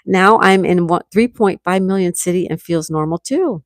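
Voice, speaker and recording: A woman's voice: fairly low pitch, normal speed, no room sound. Woman in her 60s from New York State, livestream host, chatty, reads comments aloud, dry close sound. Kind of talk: casual live chat reading comments.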